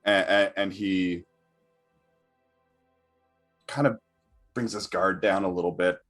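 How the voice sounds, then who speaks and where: A man's voice: deep voice, steady tone, slow, fairly bright tone, soft background music. A man narrating as game master of a tabletop game, with stammering restarts and many fillers.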